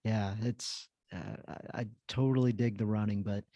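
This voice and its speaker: A man hosting a podcast, chatting in a relaxed, conversational and affirming way. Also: on the low side, moderate pace, slight background noise. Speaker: podcast host. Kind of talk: casual chat.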